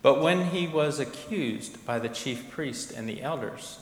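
A man's voice: medium pitch, animated, a little slow. Solemn male narrator in an echoing church. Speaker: narrator of a dramatized scripture reading. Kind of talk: liturgical reading. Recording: echoey hall, long reverb.

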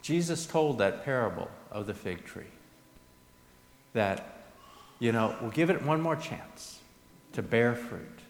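A man preaching a sermon in a church, earnest, with a lively voice that climbs on questions and settles low at the close of each thought. His voice rings through a roomy hall with a long trailing reverb. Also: takes it slowly, long pauses, slight background noise. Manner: earnest, rising questions and soft endings. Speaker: pastor. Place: church sanctuary.

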